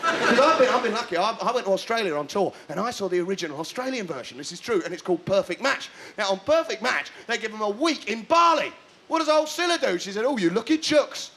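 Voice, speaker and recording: Stand-up comic: a young man, ranting and mocking, with a very high, gravelly voice. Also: lively intonation, fast, pushed and bright. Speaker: stand-up comedian. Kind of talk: stand-up comedy routine.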